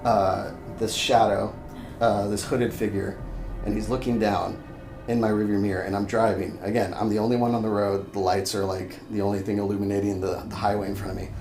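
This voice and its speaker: A man's voice: fairly low pitch, brisk, faint music behind. Man telling a story, echoey room. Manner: animated, swears freely, acts out his own shouts. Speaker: podcast guest. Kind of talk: casual storytelling. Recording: echoey room, faint background noise.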